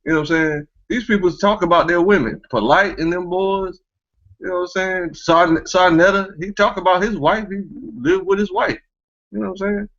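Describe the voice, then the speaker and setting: A man's voice: high-pitched, moderate pace, fairly bright tone, dull audio. A man hosting a casual online talk show, rambling and filling with a stock phrase. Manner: rambling, fills with "you know what I'm saying".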